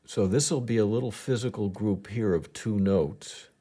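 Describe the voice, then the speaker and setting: A man's voice: on the low side, normal speed, dark tone, breathy edge. A man teaching a piano lesson step by step, patiently counting beats aloud as he demonstrates, with piano notes behind him.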